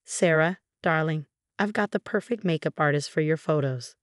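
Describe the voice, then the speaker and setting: A woman's voice: sits low, normal speed, no echo, clean studio sound, natural voice. A woman voicing a scheming stepmother who talks in a sugary, condescending way. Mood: fake sweet. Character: fake-sweet scheming stepmother, adult woman.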